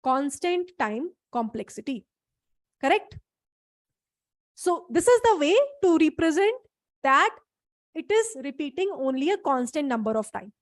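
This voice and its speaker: A high-pitched woman lectures in a live online class. She explains each point step by step and stops often to check that her students follow. The sound is dry and close, with no room echo. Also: sing-song, a little slow, long pauses. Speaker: instructor.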